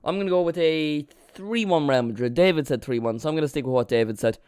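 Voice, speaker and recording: A man's voice: a little high, fast talker, clean tone, no echo, clean studio sound. Chatty man calling a match live. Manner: chatty and excitable, jokes about himself. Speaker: live watchalong streamer. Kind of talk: casual play-by-play commentary.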